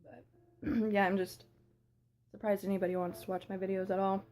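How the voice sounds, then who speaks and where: Una joven adulta charla de forma casual y divagante mientras come, grabándose con el teléfono, con muchas muletillas. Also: female voice, medium pitch, flat delivery, normal speed, a little mellow, a little hiss or hum. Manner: rambly, chatty, full of fillers. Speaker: small YouTuber. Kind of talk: casual rambling chat while eating. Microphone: phone.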